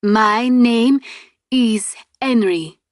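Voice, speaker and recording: A woman reading an audiobook and voicing a cheerful young foreign man who speaks halting, broken English slowly and eagerly. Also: a little high, no room sound, studio quality. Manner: slow, eager, broken phrasing.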